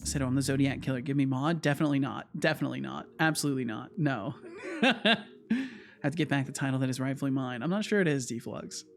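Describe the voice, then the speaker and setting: A man's voice: medium pitch, fast, vocal fry, soft background music. A man from the United States chatting casually with his live-stream audience, rambling, repeating words and laughing often. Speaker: streamer and game developer.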